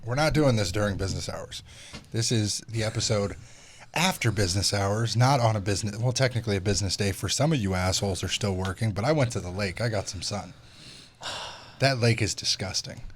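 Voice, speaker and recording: A man's voice: on the low side, a little fast, a little hiss or hum. A young man hosting a casual podcast, telling loose, profane stories. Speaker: podcast host.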